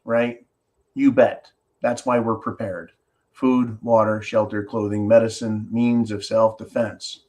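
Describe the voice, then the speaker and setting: A male commentary host with a mid-range voice, worked up and sarcastic. He rants to his audience, mocks other people's words in quotes and reads out viewer comments. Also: mid-range voice. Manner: animated, sarcastic ranting with mock-quoted voices.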